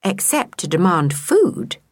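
A woman's voice: fairly low pitch, big pitch swings, takes it slowly, no echo, exaggerated voice. A woman voicing a practical, matter-of-fact mother in a children's story. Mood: mild.

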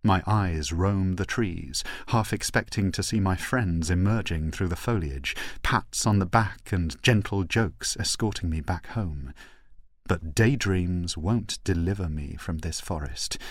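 A man narrates a novel in the first person, steady and controlled. His voice sits very low and moves at an unhurried pace. The recording is close and dry, with no room sound. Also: no echo. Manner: measured, slow and controlled. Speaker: audiobook narrator.

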